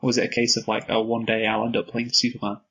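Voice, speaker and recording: A man's voice: fairly low pitch, monotone, fast talker, fairly bright tone, slightly rough, rough recording. A man co-hosting a casual film review podcast, chatty and agreeable, peppering his talk with "like". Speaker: movie review podcast co-host.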